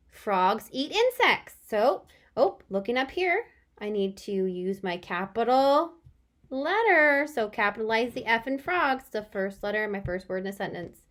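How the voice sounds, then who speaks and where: A young woman teacher giving a remote lesson to young children, sounding out words and reacting with big, animated surprise. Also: mid-range voice, normal speed.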